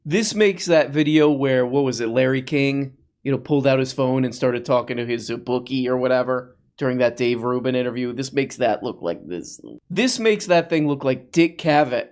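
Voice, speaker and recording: A man doing sarcastic reaction commentary, mocking what he watches with mock-awed asides. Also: medium pitch. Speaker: commentary host.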